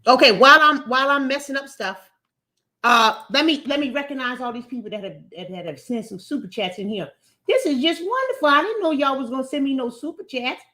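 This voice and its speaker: A woman's voice: high voice, expressive, a little fast, pushed and bright. A woman hosting a call-in livestream, talking emphatically in a folksy way and repeating words as she builds a point. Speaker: call-in show host. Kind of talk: casual livestream talk show.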